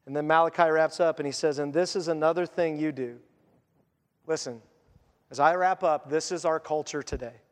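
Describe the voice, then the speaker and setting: A man's voice: on the high side, steady tone, moderate pace, big-room sound. A man preaching a sermon as a pastor, earnest, and voicing the people he quotes.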